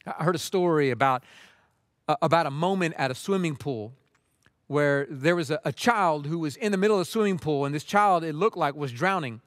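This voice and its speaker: A man preaching a sermon as pastor, impassioned and earnest, moving between urgent pleading and hushed intimacy. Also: fairly high pitch, animated, fairly quick, no room sound, clean studio sound.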